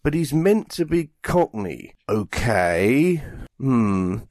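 A man in his fifties co-hosting a podcast, wandering through anecdotes and slipping into little acted-out quotes. His voice sits at a middling pitch. The sound is dry and close, with no room around it. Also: slow pace, no echo. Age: 50s. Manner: rambling, animated storytelling with acted-out quotes. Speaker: podcast co-host. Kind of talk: casual chat.

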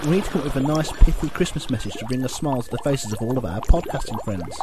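A man playing himself in a comedy audio sketch, brisk and matter-of-fact. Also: medium pitch, animated, heavy background noise.

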